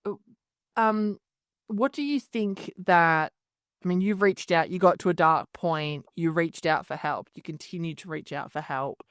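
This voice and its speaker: A podcast host asking halting, searching questions. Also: mid-range voice, a bit bright, no echo, clean studio sound. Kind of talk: casual podcast interview.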